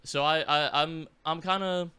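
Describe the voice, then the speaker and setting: A young man with a sore throat chats casually on a podcast. His voice is bright and crisp. He talks haltingly, stopping and restarting. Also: fairly high pitch, steady tone. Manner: hesitant, halting, many restarts. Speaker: podcast co-host. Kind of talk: casual chat.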